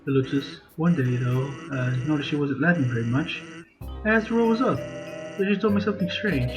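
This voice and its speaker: A man voicing an easygoing male skeleton from a video game who tells jokes in a relaxed, drawling way. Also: fairly high pitch, a little fast, over music, close to an everyday voice, low-quality recording. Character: laid-back male skeleton joker, easygoing.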